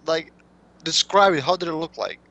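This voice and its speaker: A man's voice: fairly high pitch, sing-song, moderate pace, gravelly, fairly bright tone, muffled recording. Hesitant, defensive man. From Europe. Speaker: podcast co-host. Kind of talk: casual chat.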